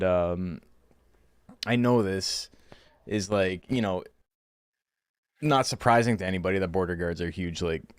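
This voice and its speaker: A man's voice: low-pitched, smooth, no echo, clean studio sound. A young man, a streamer chatting casually and telling rambling stories, swearing freely. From Canada. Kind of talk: casual stream chat and storytelling.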